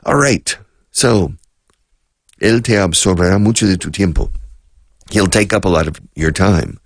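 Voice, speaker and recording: A middle-aged man teaching an English lesson on radio, explaining words slowly and switching between English and Spanish. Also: low-pitched, no echo, studio quality.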